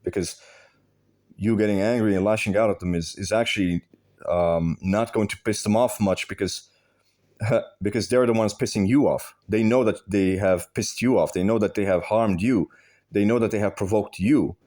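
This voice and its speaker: A man's voice: fairly low pitch, moderate pace, a little mellow. A man giving advice in a direct monologue, blunt and emphatic, swearing freely and repeating phrases for stress. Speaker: video host giving advice.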